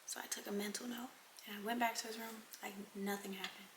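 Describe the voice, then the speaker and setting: A young woman vlogger telling a casual storytime, animated and talking straight to her viewers, sometimes dropping into dramatic whispers. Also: medium pitch, quick pace, a little hiss or hum. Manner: addresses viewers as y'all.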